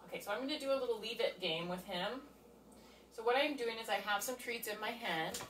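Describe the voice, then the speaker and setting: Speaking a little fast in a fairly high, fairly bright voice, a woman explains her dog training session as she works at home, keeping it casual and hands-on. The audio carries a little hiss or hum and feels roomy and distant, with faint ambience.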